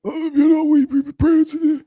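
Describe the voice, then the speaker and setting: A man's voice: extremely high pitch, flat delivery, normal speed, dark tone, no room sound, voice pushed up. A man doing a mocking impression of an exasperated football head coach who rambles through a press talk full of fillers. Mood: defensive.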